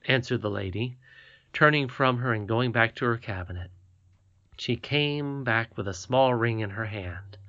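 Man narrating a storybook, soft. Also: mid-range voice, lively intonation, unhurried, no room sound, muffled recording. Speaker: audiobook narrator.

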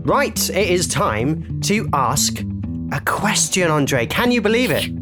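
A man's voice: fairly high pitch, slow, music in the background. A man co-hosting a comedy podcast, playfully setting up silly scenes and chatting casually. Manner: playful, bossy scene-setting with lively swings. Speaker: podcast co-host.

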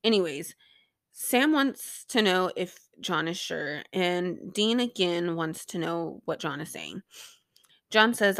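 A woman's voice: on the low side, lively intonation, takes it slowly, gravelly, pauses often, fairly bright tone, dry recording. A young woman hosting a podcast, recapping an episode in a rambling, sarcastic way with plenty of swearing and filler words. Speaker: podcast host.

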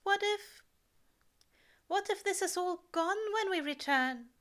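A woman voicing an anxious, fussy male angel in a high, breathless way. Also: takes it slowly, bright, forceful tone, heavily acted.

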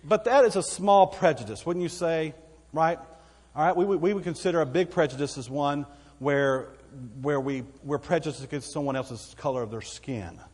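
A man's voice: a little high, normal speed, a little mellow, big-room sound. A man with a Texan accent preaching a sermon as pastor, folksy and conversational, with asides to the congregation. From Texas.

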